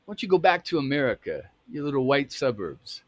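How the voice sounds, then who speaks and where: A man's voice: medium pitch, very animated, brisk, no room sound, muffled recording, close to an everyday voice. A man voicing a sarcastic young man taunting a nervous teenager, with a mocking drawl. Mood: menacing.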